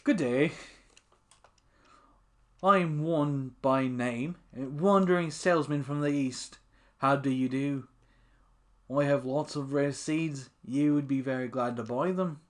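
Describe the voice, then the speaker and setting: A man's voice: on the high side, measured pace, long pauses, lightly acted. A man reading as a polite wandering seed salesman. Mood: courteous. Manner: plain courteous reading, no accent put on.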